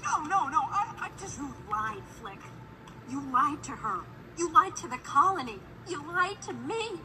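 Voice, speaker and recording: An actress playing an earnest young ant princess in animated film dialogue, speaking in a tense, hurt and emphatic way. The recording is distant, with loud background noise. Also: female voice, high voice, a little slow, music in the background.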